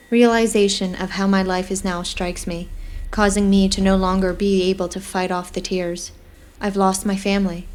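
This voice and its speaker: A woman narrating her own novel in an even, steady first-person reading. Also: fairly low pitch. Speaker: author and narrator. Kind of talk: audiobook narration.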